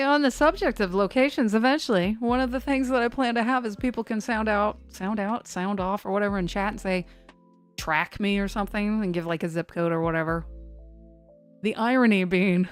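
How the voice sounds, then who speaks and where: A woman's voice: mid-range voice, brisk, clean tone, soft background music. A woman hosting a severe weather live stream, chatting loosely and poking fun at herself as she talks to her chat. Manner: rambling and self-mocking, talks to chat.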